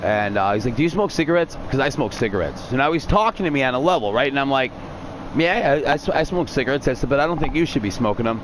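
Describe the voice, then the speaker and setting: A young man recounts a personal story in a loose, rambling way, swearing freely as he goes. His voice sits at an ordinary middle pitch. There is a faint background noise under the recording. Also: fast talker. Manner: profane, rambling, animated retelling. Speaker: streamer telling a story. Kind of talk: casual storytelling.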